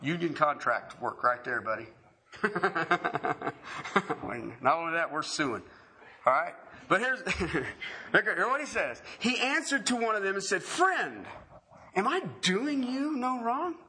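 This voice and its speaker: High, bright-voiced preaching man. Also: takes it slowly, pauses often. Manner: animated, asks rhetorical questions, jokes with the congregation. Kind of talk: sermon.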